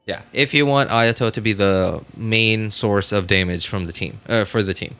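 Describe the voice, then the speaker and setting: A man's voice: on the low side, moderate pace, pushed and bright, smooth, soft background music. A man streaming a game, chatting casually and rambling, with many fillers, restarts and self-corrections. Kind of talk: casual live-stream chat.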